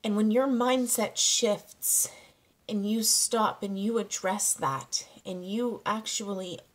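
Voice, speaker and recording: A woman in her thirties, a parenting coach, talking candidly to camera, halting and close to tears. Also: medium pitch. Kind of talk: personal vlog monologue.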